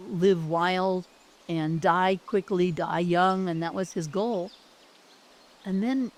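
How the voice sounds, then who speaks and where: A woman who used to teach, telling a personal story in an earnest, heartfelt way, often restarting her sentences. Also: on the low side. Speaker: former teacher.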